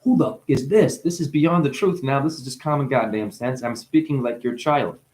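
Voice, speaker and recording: A man with a New Jersey accent giving a rambling spiritual monologue as a livestream host. He swears freely and swings from loud bursts to hushed musing. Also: medium pitch, normal speed.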